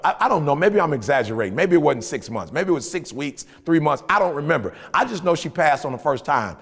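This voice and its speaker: Man, high voice, gravelly, motivational podcast talk, animated storyteller, reverberant room. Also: fast, hardly any pauses. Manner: animated storytelling, repeats phrases, rising emphatic pitch. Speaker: podcast co-host.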